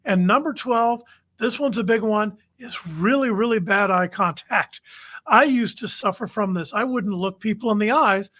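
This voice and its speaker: A man's voice: high-pitched, moderate pace, pushed and bright. A man hosting a recruiting show, giving numbered coaching tips straight to the camera in a firm, plain-spoken way. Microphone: camera-facing webcast.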